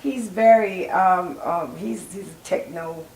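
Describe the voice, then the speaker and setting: A woman's voice: on the low side, slow pace, a little mellow. An older woman, a soul singer, telling her life story as an interview guest, acting out the voices of people in it. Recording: echoey room, faint noise.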